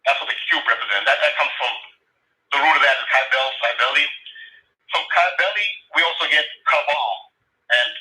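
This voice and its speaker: A man calling in to a talk show, lecturing deliberately and spelling out words letter by letter. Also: fairly high pitch, bright, forceful tone, roomy sound, low-quality recording. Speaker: caller. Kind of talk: lecturing monologue on a phone-in show.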